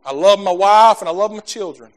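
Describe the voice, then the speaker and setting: A man's high voice moves fairly quickly through a fervent, folksy sermon for his congregation. Repeated words trip him up, and his preaching rises from gentle talk to full shouting.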